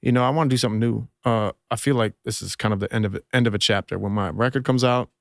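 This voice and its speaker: Laid-back, profane rapper from Minnesota. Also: male voice, medium pitch, fairly even intonation, fast, gravelly, no echo, clean studio sound. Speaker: rapper, podcast guest. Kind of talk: casual chat.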